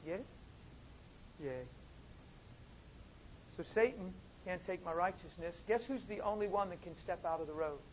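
A man preaching a sermon, swinging from soft asides to loud, drawn-out emphatic phrases. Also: high voice, lively intonation. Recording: dull, lo-fi with faint noise.

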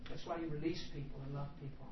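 A man preaching a sermon, telling a personal story, moving from hushed speech to shouts and often laughing. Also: fairly high pitch, fairly even intonation, fast. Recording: echoey hall, distant mic, dull audio, background noise.

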